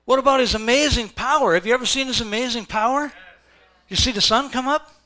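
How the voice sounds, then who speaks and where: A pastor delivering a sermon, swinging between quiet, reflective passages and loud, fervent exhortation to the congregation. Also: male voice, very high voice, brisk.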